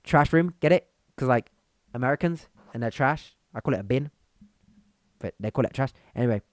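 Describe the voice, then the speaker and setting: A man's voice: medium pitch, animated, brisk, dry recording, studio quality. A young man hosting a commentary video, talking bluntly and mockingly in a rant. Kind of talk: reaction commentary.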